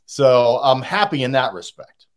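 A man's voice: mid-range voice, sing-song, measured pace. A middle-aged man with a Boston accent, a podcast guest giving blunt, cynical opinions in casual talk. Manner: blunt, cynical, plain-spoken.

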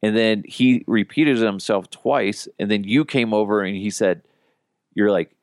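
A young man with a fairly low voice hosts a casual podcast. He tells stories in a joking, animated way. The sound is close and dry. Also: unhurried, no room sound. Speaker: podcast host. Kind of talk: casual chat.

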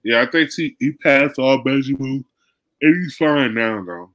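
A man's voice: mid-range voice, unhurried, a bit bright. A man co-hosting a sports podcast, boasting and trading playful trash talk. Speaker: podcast co-host. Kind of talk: casual sports chat.

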